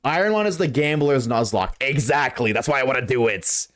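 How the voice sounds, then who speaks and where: A man streaming a game live, chatting loosely with viewers at a desk mic, swearing often and swinging between a high put-on tone and his lower everyday voice. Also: animated, fairly quick, a bit bright. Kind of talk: casual live-stream chat while gaming. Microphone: desk microphone.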